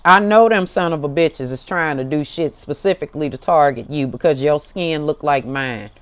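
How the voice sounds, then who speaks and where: A woman's voice: low voice, normal speed. Fiery, profane American woman preaching. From United States. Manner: fiery, profane, preachy, calls listeners baby. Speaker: tarot show host. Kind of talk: impassioned direct-to-camera monologue.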